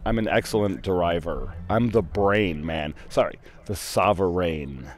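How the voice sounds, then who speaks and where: Rambling low-voiced young man. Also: measured pace. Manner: rambling, profane, easily sidetracked. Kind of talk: casual voice chat. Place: at a computer in a voice channel.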